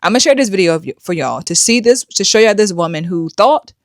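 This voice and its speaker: A woman's voice: mid-range voice, animated, brisk, no room sound, studio quality. A middle-aged woman hosting a commentary show, blunt and lecturing. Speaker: host. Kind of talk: commentary vlog.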